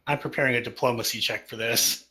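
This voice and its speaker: A man's voice: medium pitch, fairly even intonation, quick pace, bright, forceful tone. A man chatting casually as a player in a tabletop game, laughing easily.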